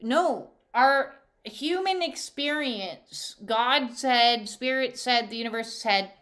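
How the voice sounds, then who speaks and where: A woman talks as an intuitive counsellor, sharing spiritual guidance in a bright, forceful voice. She is emphatic and heartfelt, circling back to the same phrases again and again. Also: on the high side, slow pace.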